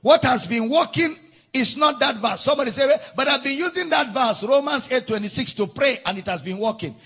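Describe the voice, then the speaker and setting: A man preaching a sermon at a church service, repeating key phrases and swinging between shouted, sung emphasis and drawn-out words. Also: very high-pitched, animated, breathy edge. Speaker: pastor.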